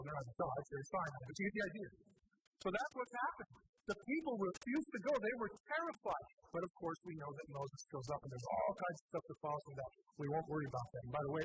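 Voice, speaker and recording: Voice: mid-range voice, fairly bright tone, low-quality recording. A pastor teaching Bible verses in a conversational way, asking listeners rhetorical questions and correcting himself mid-phrase. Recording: clear background hiss.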